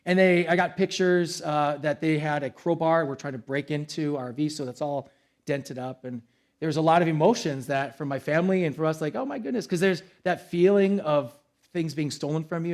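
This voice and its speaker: A man's voice: a little high, moderate pace, darkish tone. A young adult man preaching a sermon as pastor, in a casual, conversational way with acted-out quotes. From United States.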